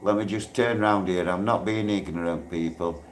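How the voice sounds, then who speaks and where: A man, hosting a casual livestream while in pain, rambling and quickly turning irate. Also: deep voice, steady tone, a little hiss or hum. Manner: rambling, grows irate and loud when aggrieved. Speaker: livestreaming channel host.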